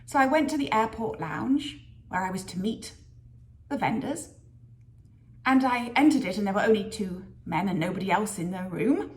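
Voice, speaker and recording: A woman vlogging a workplace story, lively and acting out the voices of people she quotes. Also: medium pitch, moderate pace. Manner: lively storyteller who acts out quoted dialogue. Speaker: business leader sharing a career story. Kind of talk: storytelling vlog.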